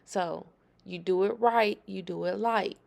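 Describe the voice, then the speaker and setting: A woman's voice: medium pitch, measured pace, vocal fry, darkish tone. A woman hosting a nail tutorial, talking viewers through her work in a chatty, emphatic voice-over.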